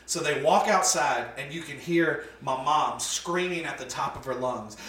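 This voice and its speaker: Animated man telling stories in an echoey room. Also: fairly high pitch, moderate pace. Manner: animated, profane, laughs while telling. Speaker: podcast guest telling family stories. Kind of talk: casual storytelling chat. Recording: roomy sound from a distant mic, faint noise.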